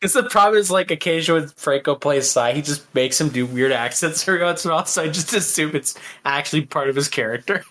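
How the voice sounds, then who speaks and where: A man's voice: on the high side, quick pace, few pauses, fairly bright tone. A man running a tabletop game as game master, narrating casually with many fillers. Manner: casual, rambling, filler-heavy.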